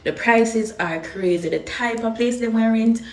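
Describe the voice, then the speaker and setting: A woman's voice: a little high, measured pace. A woman from Jamaica with a Jamaican accent, venting to camera in an exasperated way, slipping into patois. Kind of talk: complaint vlog to camera. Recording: echoey room with faint noise.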